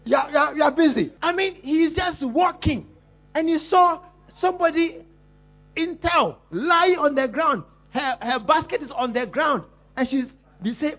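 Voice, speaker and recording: A man preaching a lively sermon as a pastor, teasing and exclaiming at his congregation while acting out a scene. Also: extremely high pitch, unhurried. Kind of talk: lively sermon with acted-out demonstration. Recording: dull lo-fi recording.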